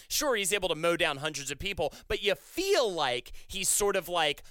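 Male podcast co-host, bright and clean, eager rambling delivery, dry sound. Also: on the high side, big pitch swings, moderate pace, hardly any pauses, smooth, no echo. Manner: enthusiastic, rambling, many restarts. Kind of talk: casual chat.

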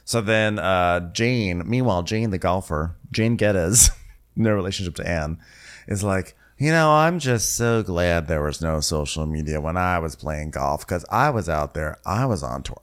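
A man co-hosts a casual comedy recap podcast. His voice sits on the low side, and he riffs in sarcastic asides, sometimes slipping into silly put-on voices for the people he mocks. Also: expressive, measured pace. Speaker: podcast co-host recapping a reality show.

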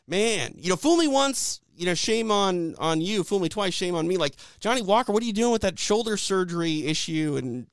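A young man co-hosting a combat sports podcast, chatting casually through the night's results. His voice is smooth and resonant, recorded close in a dry space with no room sound. He leans on fillers and restarts as he talks. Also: high-pitched, fairly bright tone, no room sound. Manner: chatty, frequent "uh" and "you know" fillers. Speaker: podcast host.

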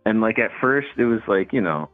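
A man, his voice very deep and thin like a tinny phone line. He tells stories in an easygoing way, padded with fillers. The sound is dry and close. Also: animated, fairly quick, no room sound, soft background music. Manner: laid-back storytelling with filler words. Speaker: caller. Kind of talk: casual phone call.

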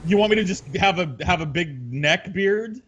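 A man who is a regular on a podcast, talking in a deadpan, gruff way. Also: high voice, moderate pace, muffled recording. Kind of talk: casual podcast chat.

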